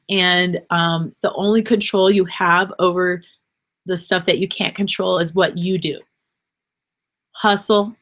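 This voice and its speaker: A woman's voice: medium pitch, fairly bright tone. Earnest woman giving a rambling pep talk. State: emotional, near tears. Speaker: podcast host. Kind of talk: unscripted motivational monologue.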